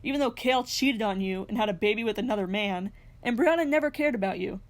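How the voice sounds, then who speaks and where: A woman's voice: medium pitch, quick pace. A young woman narrating a reality TV recap in a scripted way, with sarcastic, snarky asides. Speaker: recap host.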